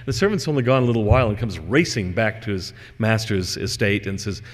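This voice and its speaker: A man lectures on religious history, his voice sitting on the low side, measured and conversational with small asides and fillers. The sound carries a long reverb, as if recorded in a lecture hall. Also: expressive. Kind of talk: religious lecture with scripture reading.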